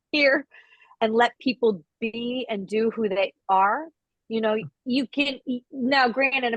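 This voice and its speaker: A woman from Canada chatting casually in an interview, lively and quick to slip into other voices and accents. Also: fairly high pitch, no room sound, rough recording. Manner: chatty, animated, slips into quoted voices and accents. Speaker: voice actress guest.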